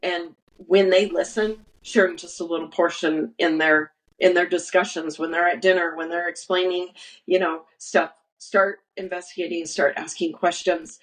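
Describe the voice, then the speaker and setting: Her voice lowish and her tone steady, a woman guest who founded a nursery speaks at normal speed in a conversational interview. She tells her stories earnestly, with plenty of restarts and acted-out quotes, over a rough recording.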